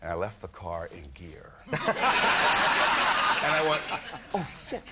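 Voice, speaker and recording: A man, a chat-show guest telling lively anecdotes and acting out scenes. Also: low voice, measured pace. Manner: animated storyteller, acting out scenes, laughing. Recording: studio audience and noise. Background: studio audience.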